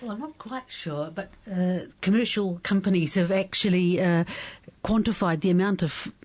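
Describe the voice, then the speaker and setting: Woman, scientist guest, low pitch, mellow tone, dry studio. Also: moderate pace, no room sound. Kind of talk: radio studio interview.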